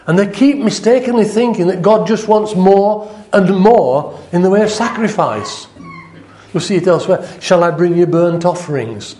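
A man's voice: sits high, lively intonation, normal speed, darkish tone, echoey room. A man preaching a sermon in a conversational way, acting out the quoted speech of God with a raised voice.

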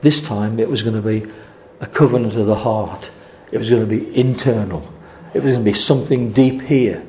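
A man's voice: on the low side, moderate pace, a little mellow, a little hiss or hum. A man preaching a sermon earnestly, repeating his phrases and restarting often.

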